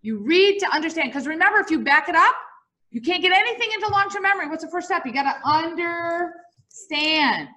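A middle-aged woman lectures a class, her voice high and bright. She moves around and tells stories with lively energy, and keeps asking the students questions. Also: a little fast. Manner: lively, bouncy, quizzes the audience. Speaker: teacher.

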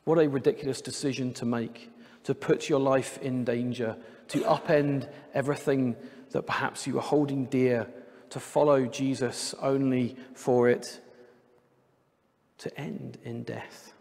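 A man's voice: mid-range voice, fairly even intonation, measured pace, darkish tone. A man preaching a sermon during a church service, talking in a conversational way and adding light jokes. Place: church sanctuary. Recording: long church hall reverb.

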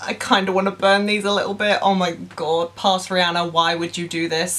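A woman's voice: lowish voice, flat delivery, normal speed, few pauses, a bit bright. A young woman vlogging casually about films, gushing with enthusiasm and playful sarcasm. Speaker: film vlogger. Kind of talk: casual vlog.

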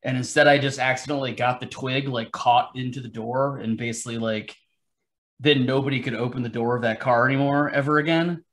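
A man's voice: mid-range voice, steady tone, brisk, a bit bright. Male podcast guest, mid-range voice; loose, rambling, self-deprecating, swears. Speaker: podcast guest, comic artist. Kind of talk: casual podcast chat.

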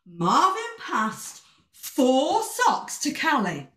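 A woman reading a storybook aloud to children in an animated, sing-song way, with gasps and sound effects. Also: high voice, very slow, reverberant, distant mic.

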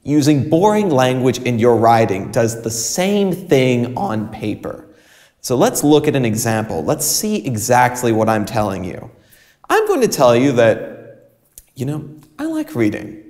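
A male teacher presents a recorded English writing lecture with an animated, swooping voice. He uses dramatic pauses and shifts of emphasis to keep things expressive. The sound carries a long, hall-like reverb. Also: mid-range voice. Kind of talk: video lecture.

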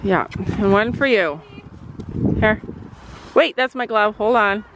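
A middle-aged woman and mother chatting excitedly in a casual vlog, full of likes and laughs. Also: medium pitch, slow pace, background noise. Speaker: vlogger mother. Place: outdoors at a horse barn.

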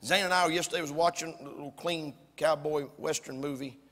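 Loud, bright-voiced preacher man. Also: a little high, fairly even intonation, fairly quick, in a large hall. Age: 40s. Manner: loud, shouting delivery with folksy humor. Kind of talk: fiery sermon. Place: church sanctuary.

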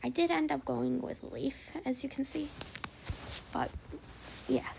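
A woman casually narrating her drawing process, hesitant with many fillers and often dropping to a soft whisper. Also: high-pitched, big pitch swings, unhurried, gravelly, slight background noise, poor audio. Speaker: drawing channel host.

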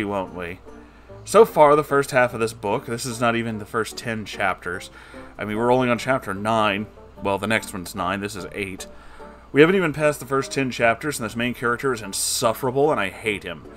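A man's voice: lowish voice, a bit bright. A man giving comedic, sarcastic commentary while reading a book aloud, exasperated and swearing freely.

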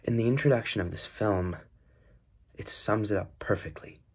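A man's voice: on the low side, normal speed, husky. A man narrating a scripted video essay in an earnest, mock-serious tone.

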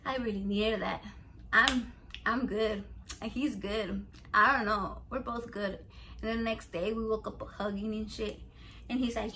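With a mid-range, fairly bright voice, this woman in her thirties speaks a little slowly and fairly evenly as she cooks at home for her vlog. A little hiss or hum is audible while she tells rambling, profane stories laced with Spanish words.

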